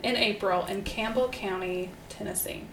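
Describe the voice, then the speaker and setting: A woman's voice: mid-range voice, moderate pace, gravelly, fairly bright tone. Chatty woman telling a case, roomy sound. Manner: chatty, upbeat storytelling with frequent fillers. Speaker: podcast co-host and storyteller. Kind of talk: casual true-crime podcast chat. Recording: roomy echo with faint hiss.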